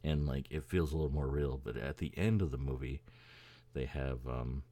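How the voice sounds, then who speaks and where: A man's voice: very deep voice, normal speed, warm tone, dry recording. A man hosting a podcast in casual, rambling chat, swearing freely and chuckling as he talks. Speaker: podcast host.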